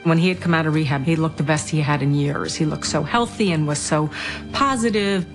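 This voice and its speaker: A middle-aged woman, a bereaved mother, telling her story in a documentary interview in a halting, grief-stricken way. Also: deep voice, over music. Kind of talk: documentary interview, personal account.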